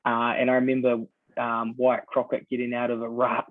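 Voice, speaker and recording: A New Zealand man in his twenties, a podcast guest telling stories in a relaxed way, full of ums and sort-ofs. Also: medium pitch, moderate pace, no room sound. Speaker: guest rugby player. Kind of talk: casual podcast chat. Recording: dry, tinny phone-like sound.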